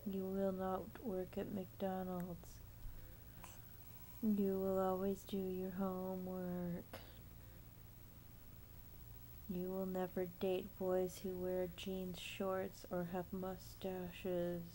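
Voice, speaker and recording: A woman putting on a slow, low, droning mock-hypnotist voice to give commands to her baby. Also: monotone, dark tone, slight background noise, poor audio.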